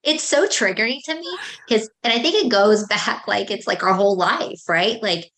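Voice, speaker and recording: A woman in her thirties hosting a casual podcast chat about motherhood. She talks in an animated, storytelling way and acts out the back-and-forth with her children. Her voice sits at an ordinary middle pitch for a woman. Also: moderate pace. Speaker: podcast host.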